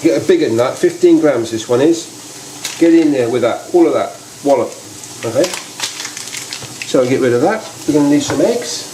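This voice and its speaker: Chatty British man, mellow voice. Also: mid-range voice, expressive, normal speed, long pauses. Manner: rambling, chatty, full of restarts. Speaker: cooking video host. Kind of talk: casual cooking demonstration. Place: home kitchen. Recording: echoey kitchen, faint noise.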